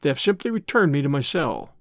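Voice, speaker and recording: A man's voice: fairly high pitch, sing-song, fairly quick, no room sound, clean studio sound. A man voicing a gallant young hero in his own voice, speaking in an earnest, proud way.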